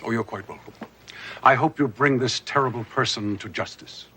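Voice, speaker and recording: A man's voice: mid-range voice, normal speed, sharp tone, a little hiss or hum, natural voice, poor audio. An actor playing a feeble older male professor with a hidden villainous past, fussy and evasive. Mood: polite. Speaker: suspect professor.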